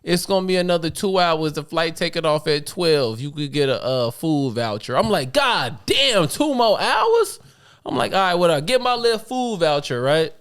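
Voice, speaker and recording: Young Chicago man, podcast co-host, animated storyteller, fairly high voice, laughs a lot. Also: fairly quick, hardly any pauses, smooth. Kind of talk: casual storytelling.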